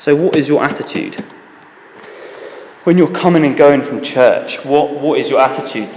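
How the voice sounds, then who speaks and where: A man's voice: medium pitch, moderate pace, a little hiss or hum. A man giving an informal Bible talk to a men's group, speaking conversationally and asking many rhetorical questions. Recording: echoey hall, dull lo-fi sound.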